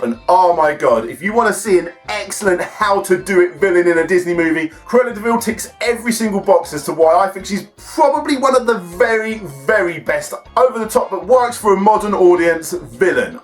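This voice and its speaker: A man's voice: high voice, animated, brisk, hardly any pauses, soft background music. Chatty man reviewing a film. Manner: enthusiastic, chatty. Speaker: host.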